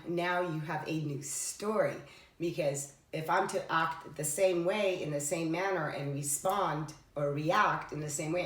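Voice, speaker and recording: A woman giving an earnest, rambling spiritual monologue, full of fillers and self-corrections. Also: low-pitched. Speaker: spiritual tarot vlogger. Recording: echoey room, voice somewhat far from the mic.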